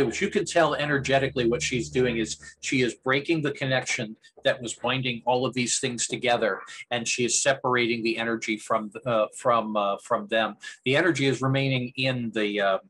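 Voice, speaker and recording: A man running a tabletop role-playing game, narrating what happens in a mid-pitched, conversational voice. He wanders through his sentences and restarts often as he describes the scene. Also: moderate pace, a bit bright, breathy edge, poor audio. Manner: meandering narration with frequent restarts. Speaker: game master.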